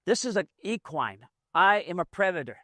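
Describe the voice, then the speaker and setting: A man's voice: sits high, very animated, moderate pace, pushed and bright, no room sound, clean studio sound. A man running a hands-on mule training demonstration outdoors, explaining in a folksy, plainspoken way as he works. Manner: folksy, explains as he works, drawling rural grammar.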